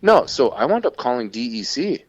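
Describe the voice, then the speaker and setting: A man co-hosting a podcast, telling a casual, profane story in an animated way. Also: medium pitch, moderate pace, slightly rough, dry recording. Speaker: podcast co-host. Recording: dull lo-fi sound.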